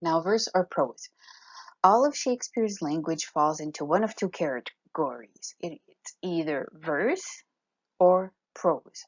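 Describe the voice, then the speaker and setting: A woman teacher explaining in a clear, step-by-step way and reading examples aloud with a steady beat. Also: sits low, slow pace, highs cut off. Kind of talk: recorded classroom lesson.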